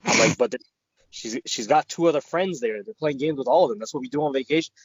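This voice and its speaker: A man's voice: mid-range voice, quick pace, slightly rough, dry recording. Guy on a podcast telling a story, swears a lot, quotes his buddies, kinda muffled dry sound. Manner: rambling, profane, quotes friends in dialogue. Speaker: podcast co-host. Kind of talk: casual storytelling chat.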